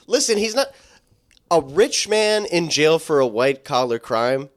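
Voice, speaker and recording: Male co-host, higher voice, laughs a lot, quick crude quips. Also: big pitch swings. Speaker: podcast co-host. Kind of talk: casual chat.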